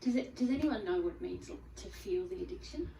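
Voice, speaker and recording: A woman's voice: medium pitch, lively intonation, fairly quick, vocal fry, warm tone, slight background noise. A woman adding her own experience to a spiritual teaching talk, reflective and thoughtful. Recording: echoey room, mic at a distance.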